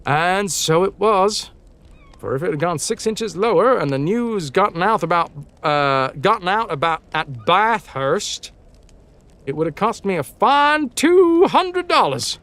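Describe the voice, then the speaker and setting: A man's voice: sits high, big pitch swings, unhurried. A man reading old campfire stories aloud on a live stream, stumbling over words and breaking off for casual, swearing asides. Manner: casual, swears now and then; jumps between quiet asides and loud, sing-song emphasis.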